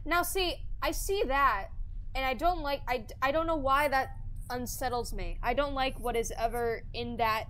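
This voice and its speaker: A woman's voice: high voice, normal speed, fairly bright tone, slight background noise, rough recording. A young adult woman streaming a horror game live, panicking, swearing and repeating herself under stress. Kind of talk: live gameplay reaction.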